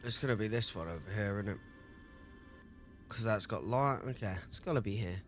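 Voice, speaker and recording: Casual low-voiced gaming man. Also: animated, normal speed, soft background music. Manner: casual, reads game dialogue aloud. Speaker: gaming video creator. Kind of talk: casual gameplay commentary.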